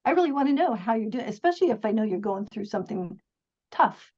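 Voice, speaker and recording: A middle-aged woman guests on a podcast, telling stories in an earnest, chatty way and often laughing or restarting her sentences in this casual interview. Her fairly high, darkish voice is fast with big pitch swings. The recording sounds dull and lo-fi.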